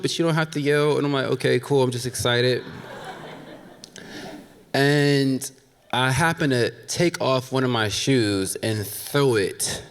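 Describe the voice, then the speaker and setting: A man in his thirties telling a funny true story on stage, candid, with laughing asides to the audience. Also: medium pitch. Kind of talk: live personal storytelling on stage. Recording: long reverb of a stage hall.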